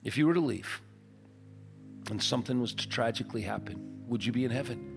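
A male pastor preaches with earnest emphasis, leaning hard on key words and easing into quiet prayer. His voice sits mid-pitched and carries with a long reverb through a large church auditorium. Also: expressive, a little fast, gravelly, music in the background. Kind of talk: sermon with altar call.

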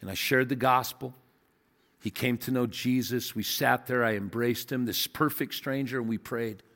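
A middle-aged man preaches with earnest conviction, rising loud and then dropping to a hush. His voice sits at an ordinary pitch for a man. It rings out with a long reverb tail in a big hall. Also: steady tone, normal speed. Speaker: pastor. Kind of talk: sermon.

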